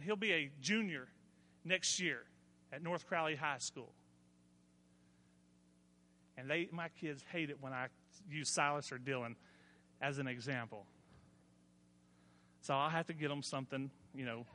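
A pastor preaches a sermon in a bright, sharp, high voice, telling folksy stories and rising into emphatic points. His words ring with long reverb through a church hall, over slight background noise.

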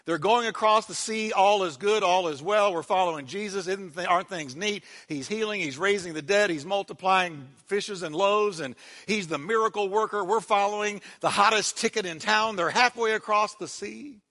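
A man preaching a sermon as pastor, dramatic, dropping to a hush on quiet words and leading the congregation in call-and-response. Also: high voice, moderate pace, few pauses, long reverb tail.

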